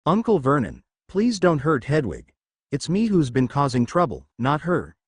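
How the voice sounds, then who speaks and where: A man's voice: fairly high pitch, wildly swooping pitch, normal speed, slightly rough, no echo, clean studio sound, exaggerated voice. A man voicing a frightened teenage boy wizard in a storybook reading, pleading in a strained voice.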